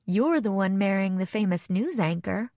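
A woman's voice: mid-range voice, lively intonation, normal speed, dark tone, dry recording, studio quality, lightly acted. A woman voicing a bubbly young woman, a model and older sister, with a breezy, gushing manner.

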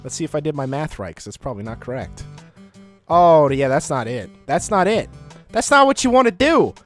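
A gaming YouTuber gives casual gameplay commentary close to his microphone, his voice a little high and a little fast. He jokes at his own expense, laughs often and breaks into sudden excited outbursts, with faint music behind.

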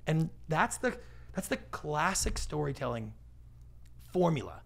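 A man's voice: fairly high pitch, vocal fry. A middle-aged man, a guest on an interview show, talking casually and acting out little quoted voices as he tells stories. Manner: animated storyteller, acts out quoted voices, quick asides. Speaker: podcast guest, pitching expert.

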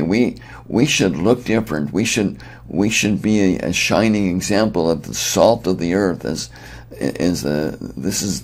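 A middle-aged man with a very low voice delivers an earnest sermon. He presses his points with emphasis and often restarts phrases mid-thought. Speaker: preacher.

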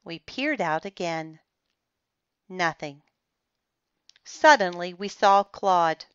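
A woman reading a children's chapter book aloud in a slow, careful and expressive manner. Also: lowish voice, smooth, no echo. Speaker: storybook reader. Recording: slightly dull, muffled recording.

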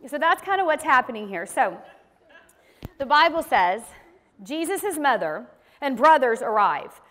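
A woman delivers a sermon in a casual, storytelling way, acting out quoted voices as she goes. Her voice sits high, and long reverb from a big church hall trails after her words. It sounds like a women's ministry teaching. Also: pushed and bright. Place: church sanctuary.

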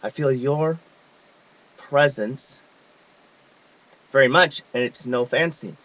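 A man reading a devotional text aloud, in a measured, reverent way with pauses. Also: medium pitch, fairly bright tone, poor audio. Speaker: reader of devotional messages.

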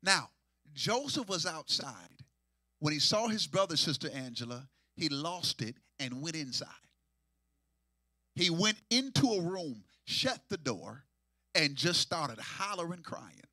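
Man, pastor, high voice, very bright and forceful, half-sung call-and-response sermon. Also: dry recording. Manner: call-and-response preaching, swinging from hushed to near-sung shouts.

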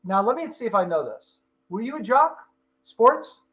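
A middle-aged man hosting a casual video-call interview, eager and quick to laugh. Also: sits high, very animated, a bit bright, rough recording. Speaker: host.

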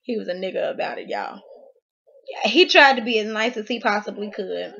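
A woman hosting a recap of a reality show, telling it in an excitable, slangy way and acting out what people said. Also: mid-range voice, a little fast, vocal fry, husky, highs cut off. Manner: excitable storytelling, slangy, acts out quotes.

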